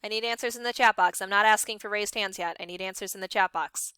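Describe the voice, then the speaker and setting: Young woman teacher, bright crisp voice, upbeat and encouraging, dry close sound, online class. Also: mid-range voice, dry recording. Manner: upbeat, encouraging, brisk calling out of student names. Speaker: science teacher.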